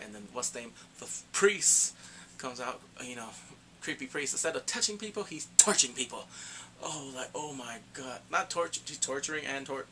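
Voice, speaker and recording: A man with a bright, forceful voice and a pitch that leaps around freely. He talks in a casual, rambling way, correcting himself mid-sentence as he reviews an episode. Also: gravelly, a little hiss or hum. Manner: rambling, animated, self-correcting. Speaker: anime reviewer.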